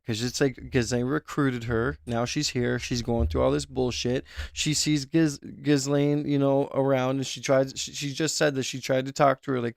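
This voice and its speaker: Man, streamer, gravelly voice, dry close sound, emotional live reaction commentary. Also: mid-range voice, steady tone, normal speed, few pauses, no echo. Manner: emotional, exclaiming, speculative.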